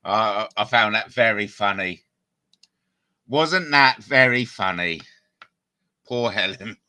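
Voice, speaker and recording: A man's voice: on the low side, expressive, takes it slowly, pushed and bright, dry recording. A man hosting a livestream, rambling casually and chuckling while he comments on clips. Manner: rambling, chuckling, mimics clips in mocking voices. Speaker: livestream host.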